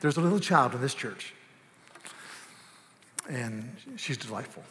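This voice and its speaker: A man preaching a sermon as pastor, swinging from hushed, tender asides to loud, emphatic declarations. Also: medium pitch, lively intonation, measured pace, noisy background. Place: church sanctuary. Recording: long hall reverb.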